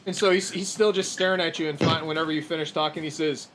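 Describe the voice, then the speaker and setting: A man runs a tabletop game, narrating what characters do in a casual, chatty way. His voice sits fairly high. Faint music plays behind him. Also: fairly even intonation, quick pace, a bit bright. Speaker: game master.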